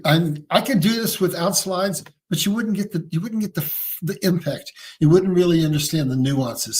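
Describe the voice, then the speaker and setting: A man with a husky voice speaking as an interview guest, explaining in a folksy, emphatic way and addressing listeners as "folks.". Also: fairly high pitch, darkish tone. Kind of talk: casual explanatory interview talk.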